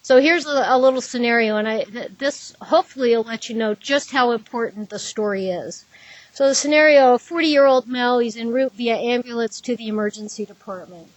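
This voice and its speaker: A woman's voice: fairly high pitch, a little fast, dry recording. A woman giving a conversational trauma-care lecture, explaining through patient scenarios in a plain, direct way. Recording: dull, dry lecture recording.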